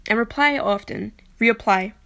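A woman's voice: a little high, measured pace, vocal fry, a bit bright. A young woman in casual vlog talk, chatty and self-deprecating, often stumbling as she reads aloud. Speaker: vlogger. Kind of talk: casual chat, reading aloud.

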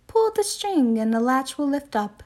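A woman's voice: high-pitched, sing-song, moderate pace, a little mellow, pitched above the performer's own voice. A woman voicing a frail, kindly old grandmother in a bedtime storybook reading. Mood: welcoming.

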